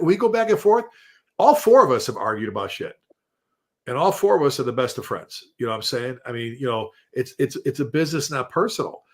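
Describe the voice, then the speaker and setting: A man, a retired fire chief, telling blunt, salty stories on a casual panel and acting out the voices of the people he quotes. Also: on the high side. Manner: animated storyteller who acts out quoted voices.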